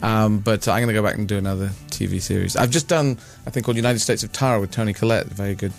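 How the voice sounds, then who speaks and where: A man's voice: on the low side, fairly even intonation, very fast, vocal fry, faint music behind. An English man chatting as a guest, riffing playfully and wandering between thoughts. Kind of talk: casual chat.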